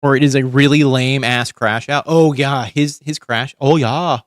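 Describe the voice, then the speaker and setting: A man's voice: mid-range voice, steady tone, moderate pace, no echo, clean studio sound. Ranting man swearing on a livestream. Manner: ranting, heavy swearing, frequent restarts. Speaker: livestream host. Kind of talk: casual profane commentary.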